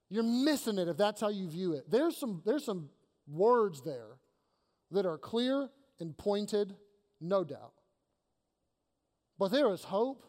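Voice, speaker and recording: A pastor preaching an emphatic, energetic sermon to his congregation, repeating phrases for emphasis. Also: high voice. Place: church sanctuary. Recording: long reverb of a church hall.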